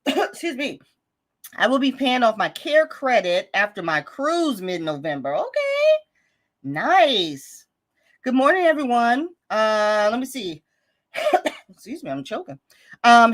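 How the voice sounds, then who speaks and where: A woman hosting a casual budgeting live stream, reading viewer comments aloud in an upbeat, encouraging, chatty way. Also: a little high. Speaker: budgeting livestream host.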